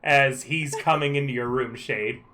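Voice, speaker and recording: A man's voice: medium pitch, steady tone, normal speed, pushed and bright. A man narrating as game master in a playful, amused way.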